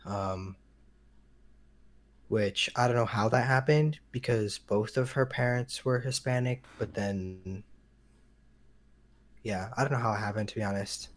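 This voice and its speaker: A young man co-hosting a podcast, telling rambling family stories in casual chat and chuckling now and then. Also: medium pitch. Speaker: podcast co-host.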